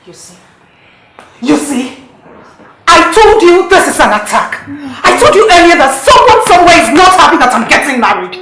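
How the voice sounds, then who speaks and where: A frantic young Nigerian bride, her voice high and swinging sharply as she protests. The room is echoey, with a faint noise behind her. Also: very animated, moderate pace, over loud music, full character voice. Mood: agitated. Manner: agitated and insistent. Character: panicking young bride on her wedding day.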